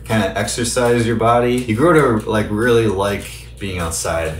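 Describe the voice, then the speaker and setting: A man's voice: on the low side, steady tone, normal speed, echoey room, a little hiss or hum. An easygoing man who owns a sauna, chatting casually and laughing while he talks. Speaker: sauna owner, interviewee. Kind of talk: casual chat.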